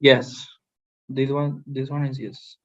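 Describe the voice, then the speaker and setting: A man's voice: medium pitch, little pitch movement, slow. Hesitant male student on a dull call. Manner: hesitant, thinks aloud. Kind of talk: online lesson answering exercises. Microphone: video call.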